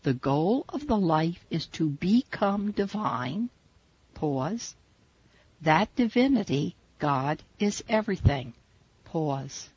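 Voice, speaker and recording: Slow, husky woman guiding meditation. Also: lowish voice, sing-song, darkish tone, no room sound. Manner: slow, measured, soothing instruction. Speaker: meditation teacher. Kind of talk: guided meditation teaching. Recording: dull lo-fi recording.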